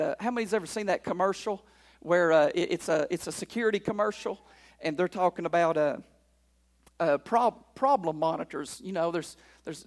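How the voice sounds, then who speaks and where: A pastor preaching a sermon in a church, drawing call-and-response from the congregation and swinging between loud declarations and quiet asides. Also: male voice, very high-pitched, long reverb tail. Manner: call-and-response preaching, frequent "right?" and "amen?".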